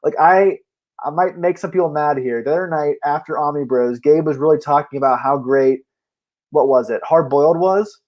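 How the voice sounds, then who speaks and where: A man co-hosting a casual comic book chat, talkative and quick to laugh, often restarting his sentences. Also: fairly high pitch, lo-fi sound. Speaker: podcast co-host.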